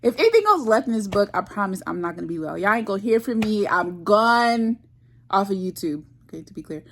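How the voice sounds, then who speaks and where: A woman's voice: mid-range voice, very animated, fairly quick. A woman chatting casually in a book vlog, effusive and gushing, full of "like" fillers. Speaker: book vlogger. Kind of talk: casual reading vlog chat.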